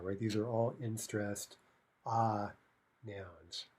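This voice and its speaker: A man's voice: on the low side, steady tone, unhurried, a little mellow, husky. A man teaching a recorded language lesson, explaining grammar rules step by step and often checking in with "right?".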